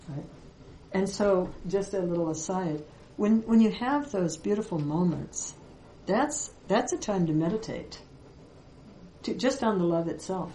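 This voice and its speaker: A woman spiritual teacher giving a reflective Vedanta talk, with many pauses and fillers. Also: medium pitch, expressive, dark tone, reverberant, slight background noise, rough recording.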